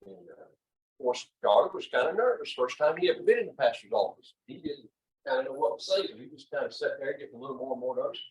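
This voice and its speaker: A man's voice: medium pitch, sing-song, quick pace, darkish tone. Man in his 70s, rambling folksy training talk, audience room, distant mic. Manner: rambling, folksy storytelling with many uh's. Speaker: chaplain leader. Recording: echoey room, from far off.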